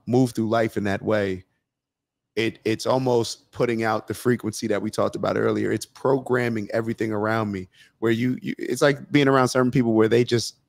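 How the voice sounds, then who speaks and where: A man's voice: lowish voice, vocal fry, no room sound. A man hosting a casual conversation, talking in a reflective, motivational way with many fillers. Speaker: podcast host.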